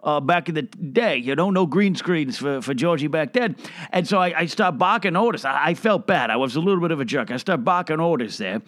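A man's voice: on the high side, animated, a little fast, a bit bright, no echo, clean studio sound. A man playing a boastful, rambling old Hollywood producer who name-drops and restarts his sentences in a comedic monologue. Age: older. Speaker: film producer character.

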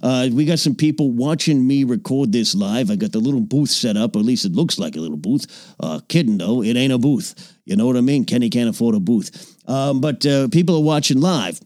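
A man's voice: animated, a little fast, darkish tone, no room sound, clean studio sound, close to an everyday voice. A man playing a rambling old Hollywood producer. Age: older. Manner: rambling, name-dropping, drops into low confidential mutters. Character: aging boastful old-Hollywood male film producer, rambling name-dropper. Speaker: podcast host in character. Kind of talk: improvised character comedy podcast. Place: small home recording nook.

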